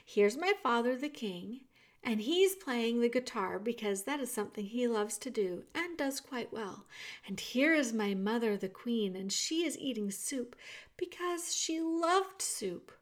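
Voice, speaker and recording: A woman voicing a gentle, kind twelve-year-old princess who speaks politely and graciously. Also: on the high side, lively intonation, unhurried. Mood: gracious, patient.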